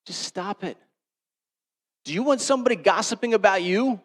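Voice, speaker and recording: A middle-aged man, a pastor, preaching a sermon in a conversational storytelling way, swinging between loud emphatic lines and hushed ones. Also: high voice, expressive, normal speed.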